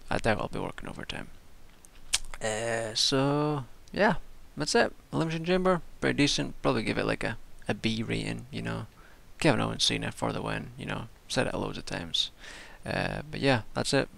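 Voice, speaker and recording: Man with a gravelly voice. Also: medium pitch, moderate pace, a bit bright. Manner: rambling, swearing, with many restarts. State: tired from staying up all night. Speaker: wrestling show reviewer. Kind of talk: casual spoken review.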